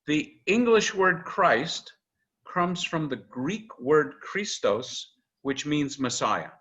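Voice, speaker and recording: An older man, a rabbi, giving a chatty, animated informal lecture, quoting texts with frequent "uh"s. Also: a little high, slow pace. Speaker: rabbi teaching an intro class. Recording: dull lo-fi video-call audio.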